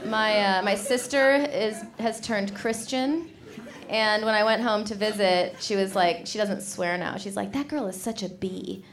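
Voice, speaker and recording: A woman's voice: medium pitch, steady tone, measured pace, noisy background. A woman from Illinois performing a stand-up set in a club, sardonic and mock-haughty in her delivery. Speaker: stand-up comedian. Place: comedy club stage. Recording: live club recording with audience laughter.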